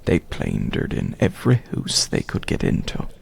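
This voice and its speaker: A man voicing an 18th-century colonial militiaman, recounting his march in a slow, plain, diary-like way with a reconstructed 18th-century Merrimack Valley Massachusetts accent and a gravelly, husky voice. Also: darkish tone, close to an everyday voice.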